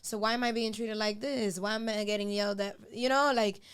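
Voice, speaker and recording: A woman speaking as a guest on a podcast, earnest and open about what she has lived through. Her voice is clear and smooth at a medium pitch. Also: fairly even intonation, fairly quick. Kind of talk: candid conversation.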